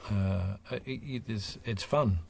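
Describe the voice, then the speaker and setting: A man's voice: on the low side, takes it slowly, vocal fry, a little mellow, breathy edge. A man, a voice actor guest, chatting casually on a podcast in a rambling, self-deprecating way.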